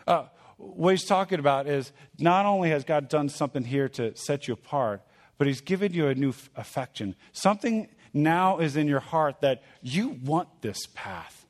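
Male pastor, sermon, slightly higher voice, conversational, repetitive phrasing. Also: animated, moderate pace. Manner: conversational, repeats phrases, checks in with "all right?"; teaching with a drawing.

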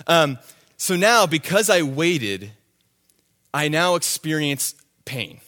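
A young man telling a self-deprecating story in a sermon, animated and quick with asides. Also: on the high side. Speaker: youth pastor.

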